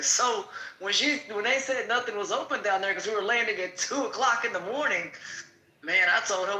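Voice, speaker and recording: A man hosting a casual show, telling a story in an animated, laughing, colloquial way. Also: high-pitched, moderate pace. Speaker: host. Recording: echoey room.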